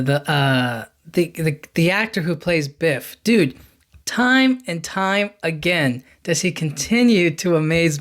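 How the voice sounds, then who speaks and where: A man hosting a podcast, casually retelling a film's plot in a rambling, enthusiastic way, slipping into quick quoted lines. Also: a little high. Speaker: podcast host. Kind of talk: casual movie recap.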